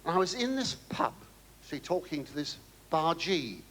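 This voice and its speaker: A man's voice: on the high side, very animated, moderate pace, noisy background. An older male comedian taking audience questions, rambling through stories with stammers and wry asides. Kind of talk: stand-up audience Q&A.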